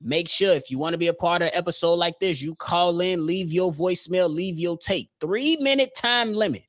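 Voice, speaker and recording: Slangy podcast dude, kinda high voice, dry sound, real hyped. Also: male voice, steady tone, brisk, no room sound. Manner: hyped, slangy, sign-off energy. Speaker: podcast co-host. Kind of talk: casual podcast chat.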